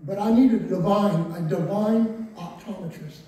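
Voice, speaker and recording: A man's voice: sits high, normal speed, mellow, recorded from a distance. A man in his forties giving his personal testimony to a congregation, candid and wry, with self-mocking asides. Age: 40s. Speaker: testimony speaker. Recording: roomy echo, voice from off-mic, faint hiss.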